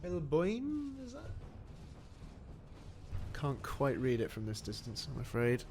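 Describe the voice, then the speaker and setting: Excitable man calling a strategy match. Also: mid-range voice, slow pace, soft background music. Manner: excitable, animated play-by-play with frequent exclamations. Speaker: game commentator. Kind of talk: live strategy game commentary.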